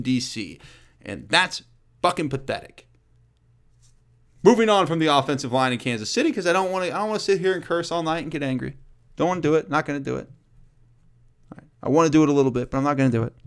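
A man hosting a casual solo sports talk show, blunt and profane, riffing with loud and quiet swings. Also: fairly high pitch.

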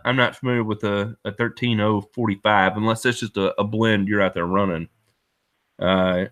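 A man's voice: mid-range voice, sharp tone. A man hosting a lawn care show, casually answering viewers' questions in a chatty, self-deprecating way with many fillers. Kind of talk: casual live-stream chat. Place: Knoxville area.

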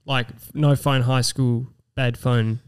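A man's voice: medium pitch, level tone, takes it slowly, clean tone. A teenage man co-hosting a casual chat, teasing the guest and asking him questions. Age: teens. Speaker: podcast co-host.

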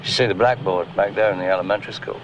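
An actor playing a grave older doctor who explains ancient rituals in a measured, ominous way, heard in film audio. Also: male voice, on the low side, lightly acted. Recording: film audio with background noise.

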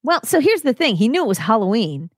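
A woman's voice: a little high, sing-song, quick pace, no echo, studio quality. Laughing woman co-hosting a podcast. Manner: laughs often, reads out comments. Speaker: podcast co-host. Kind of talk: casual banter.

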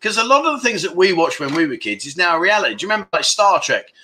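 A middle-aged man hosting a casual livestream chat, rambling and joking as he reads out viewer comments with quick asides. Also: high-pitched, very animated, sharp tone, slight background noise. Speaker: livestream host.

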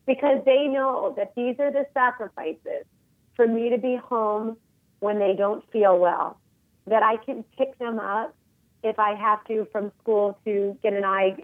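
A woman in her forties, a guest on a phone interview, talking in an emphatic, animated way. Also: mid-range voice, dry recording. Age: 40s. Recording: tinny phone line, dry.

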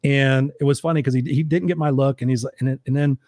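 Middle-aged male host, quick and animated storyteller, swears, dry close sound. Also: medium pitch, no echo. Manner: animated, swears freely, acts out quotes. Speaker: podcast host. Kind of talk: casual storytelling chat.

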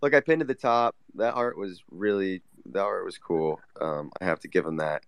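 A man with a lowish, smooth voice hosts in a laid-back, joking way. The sound is dry and close. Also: normal speed, no echo. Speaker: host. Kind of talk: casual chat.

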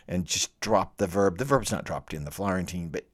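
A man's voice: sits low, brisk. A man giving an informal lecture on a classic poem. He talks conversationally and acts out the quoted voices now and then. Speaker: lecturer on Dante. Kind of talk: informal literature lecture with dramatic readings.

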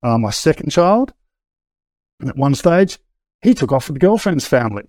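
With big swings in pitch around a medium range, a middle-aged man shares his story as an interview guest, frank and relaxed but riddled with hesitations and restarts. He speaks at normal speed in a slightly mellow voice, captured in a dry recording.

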